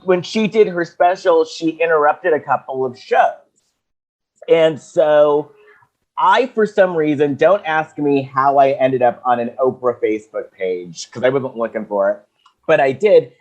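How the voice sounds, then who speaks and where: A woman co-hosting a book podcast, telling stories in a blunt, animated and emphatic way. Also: deep voice, measured pace, lo-fi sound. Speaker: podcast co-host discussing a book. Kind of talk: casual chat.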